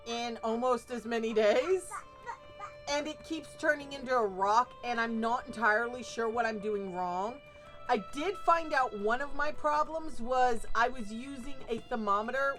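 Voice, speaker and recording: A woman's voice: a little high, a bit bright. A woman streaming a game live, chatting casually with her viewers, reacting to their messages and laughing often. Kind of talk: casual live-stream chat while gaming.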